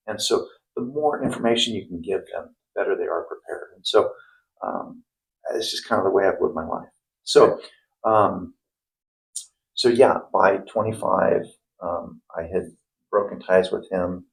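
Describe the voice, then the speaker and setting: Low gravelly-voiced man, rambling talk. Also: moderate pace, low-quality recording. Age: middle-aged. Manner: rambling, many restarts and fillers. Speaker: guest investor and former plumber. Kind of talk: casual interview conversation.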